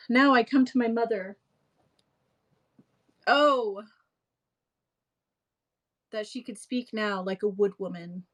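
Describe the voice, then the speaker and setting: A woman reading aloud as a clownish young male servant grieving over his family, with big exaggerated swoops in her delivery. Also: on the high side.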